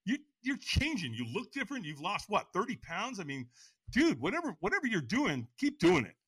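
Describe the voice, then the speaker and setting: A man voicing his excitable male friend, speaking eagerly and pushily. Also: high-pitched, brisk, breathy edge, no room sound, pitched above the performer's own voice, exaggerated voice. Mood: excited. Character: excitable adult male buddy on the phone.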